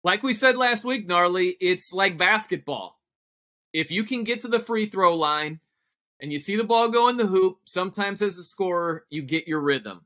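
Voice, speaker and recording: A man guesting on a sports radio show, speaking in a bright, forceful, fairly high voice into a studio microphone. He talks football casually, enthusiastic and plain-spoken. The delivery is steady and energetic. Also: moderate pace.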